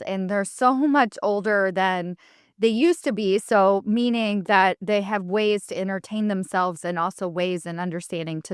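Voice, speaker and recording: Smooth-voiced woman hosting a chatty podcast. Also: medium pitch, fairly bright tone, no room sound, clean studio sound. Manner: candid, chatty storytelling with self-quotes; coaching, advice-giving. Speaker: podcast host. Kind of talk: solo podcast monologue.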